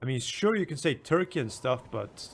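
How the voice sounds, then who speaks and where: A man streaming a game, chatting excitedly with laughs and restarts, then slipping into dramatic lore narration. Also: mid-range voice, moderate pace, gravelly, a little hiss or hum. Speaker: gaming streamer.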